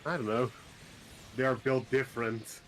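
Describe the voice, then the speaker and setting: A man streaming a game, chatting casually and reading entries aloud in a relaxed, rambling way. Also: medium pitch, moderate pace, a little hiss or hum. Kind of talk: casual gaming chat. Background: faint game music.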